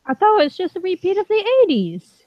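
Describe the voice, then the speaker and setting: A woman's voice: very high-pitched, sing-song, fairly quick, dry recording, dull audio. A woman co-hosting a casual stream chat, self-deprecating and stumbling over her words. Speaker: stream co-host.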